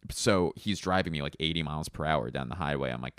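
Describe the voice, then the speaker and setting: A stand-up comedian from Philadelphia telling a rambling, casual anecdote full of fillers and self-corrections. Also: male voice, very deep voice, rapid-fire, few pauses, fairly bright tone, smooth, no echo, studio quality.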